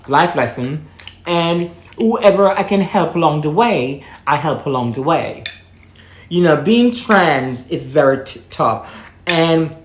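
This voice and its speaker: A blunt, outspoken young woman from Jamaica talks straight to camera and swears without a second thought. Her pitch jumps high and drops low as she makes her points. The room around her has a clear echo. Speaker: vlogger. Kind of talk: casual monologue to camera. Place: room with echo, eating while talking. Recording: echoey room.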